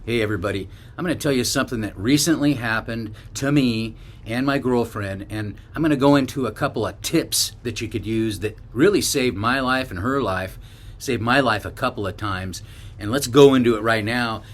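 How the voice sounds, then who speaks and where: A bikepacking vlogger from northern California tells a story to the camera, loose and rambling, with restarts and asides. His voice is medium-pitched and moves at a moderate pace.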